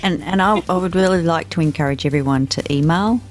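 A woman's voice: fairly low pitch, fairly quick, faint music behind. A woman co-hosting a podcast in casual chat, self-mocking and laughing at herself. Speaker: podcast co-host.

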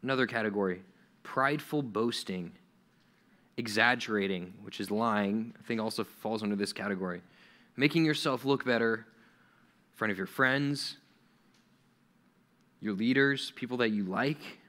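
A young adult man preaching a youth sermon, animated and acting out quoted voices. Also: lowish voice, normal speed, pauses often. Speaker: youth pastor.

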